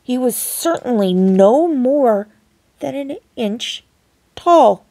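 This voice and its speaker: Expressive woman reading a storybook. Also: a little high, takes it slowly, no echo. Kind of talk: reading a children's novel aloud.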